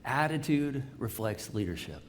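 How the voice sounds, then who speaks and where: A man preaching a sermon to a congregation in a conversational style, with frequent restarts and lively acted-out quotes. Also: mid-range voice, normal speed, slight background noise. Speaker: pastor. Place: church auditorium with a live congregation.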